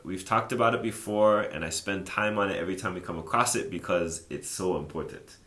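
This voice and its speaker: A man with a low, deep voice walks through a language lesson in an easygoing, chatty way, pausing often with "uh" and "like." The sound is roomy and echoey. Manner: relaxed, chatty, thinks aloud with many fillers. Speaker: language teacher. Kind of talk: casual explanatory lesson.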